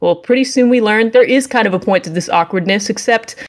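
A woman's voice: mid-range voice, brisk. A young adult woman co-hosting a podcast, recapping a game with sarcasm and mock-heroic acted lines. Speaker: podcast co-host. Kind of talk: casual game review chat.

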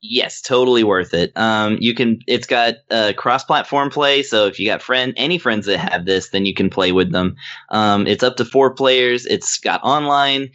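Low guy rambling about a game he likes, laughs a lot, kinda muffled audio. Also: normal speed, fairly bright tone. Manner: rambling, filler-heavy, laughs often. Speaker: podcast co-host reviewing games. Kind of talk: casual chat.

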